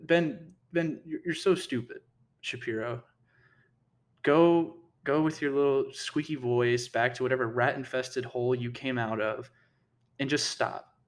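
A man giving casual opinion commentary, heated and indignant, who often stumbles over his words and repeats himself. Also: mid-range voice. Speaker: political commentator.

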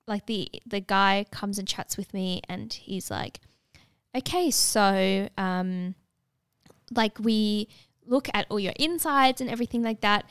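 Young woman rambling thru a story, lots of likes, smooth clear voice, dry close sound. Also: mid-range voice, a little slow, no echo. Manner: animated, many filler "like"s, acts out dialogue. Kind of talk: casual storytelling chat.

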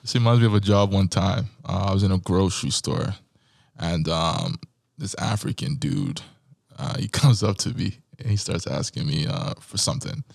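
A man telling an animated, funny story in a casual podcast chat. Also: low-pitched, moderate pace, gravelly, no echo, clean studio sound. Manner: animated, laughs through his story.

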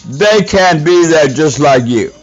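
A man's voice: a little high, lively intonation, slow pace. A man delivering an indignant, profane rant as a podcast host, scolding his listeners. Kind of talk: ranting monologue. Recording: dull lo-fi audio with faint music.

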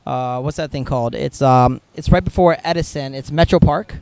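A man, a comedian appearing as a podcast guest, telling profane, animated stories in casual chat. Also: mid-range voice, moderate pace, vocal fry, clean tone, no room sound. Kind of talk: casual storytelling.

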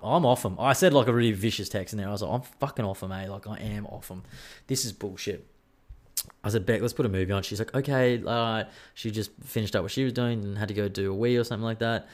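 A young man hosting a solo podcast, telling rambling, excitable stories and swearing freely. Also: lowish voice. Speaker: podcast host. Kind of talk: casual solo podcast chat.

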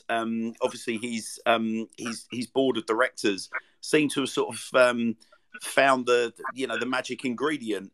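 A man hosting an interview, asking questions with halting restarts and fillers. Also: mid-range voice, fairly bright tone, dry recording. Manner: halting, stumbling over question openings. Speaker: podcast host. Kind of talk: casual interview chat.

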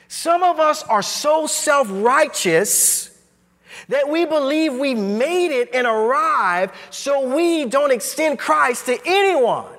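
A man preaching a sermon as pastor, emphatic and driving, his voice swinging high and low. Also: fairly bright tone, big-room sound. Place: church sanctuary.

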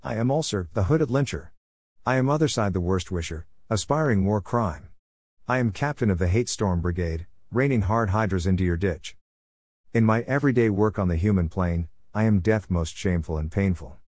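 A man's voice: on the low side, normal speed, a little mellow, no echo, clean studio sound, lightly acted. A man voicing a scheming, boastful male affliction spirit who mocks and gloats in a storybook tale. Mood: gloating.

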